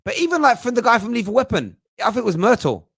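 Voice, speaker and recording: A man's voice: very high-pitched, sing-song, quick pace, vocal fry, fairly bright tone, husky, no room sound, clean studio sound. A man hosting a fan phone-in show, chatting casually, thinking aloud and poking fun at himself. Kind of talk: casual live-stream chat.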